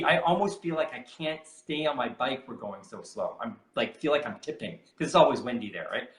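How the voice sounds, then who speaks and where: Animated middle-aged man, echoey room. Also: mid-range voice, normal speed. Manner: animated storyteller, laughs often, quotes others. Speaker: guest triathlon coach. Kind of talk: casual podcast interview.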